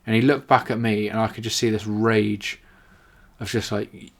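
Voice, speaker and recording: Man, low voice, rambling casual anecdote, sweary, lots of "like". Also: little pitch movement, normal speed, vocal fry. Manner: rambling, sweary, many "like" fillers. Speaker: storyteller.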